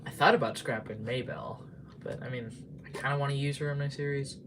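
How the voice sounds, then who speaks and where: A man chatting casually on a live stream, rambling and halting, muttering to himself and trailing off between thoughts. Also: mid-range voice, fairly even intonation, noisy background. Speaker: livestreamer.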